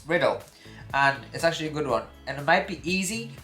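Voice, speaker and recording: A man's voice: fairly high pitch, lively intonation, a little fast, music in the background. A man chatting casually on a vlog, teasing and playful. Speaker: vlogger. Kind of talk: casual chat. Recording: echoey room.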